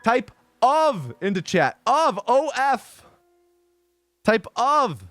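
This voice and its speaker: A man's voice: extremely high pitch, very animated, drawn-out words, fairly bright tone, no echo, soft background music. A male streamer in casual livestream chat, rambling and insistent, repeating himself as he makes his points.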